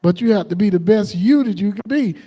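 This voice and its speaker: Male preacher, high but mellow voice, folksy and chatty, livestream sermon. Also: fairly quick. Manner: folksy storytelling with laughs and acted-out quotes.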